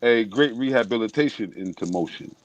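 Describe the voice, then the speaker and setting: A man's voice: medium pitch, expressive, a little fast, lo-fi sound. A man in a political discussion telling a personal story, casual and emphatic.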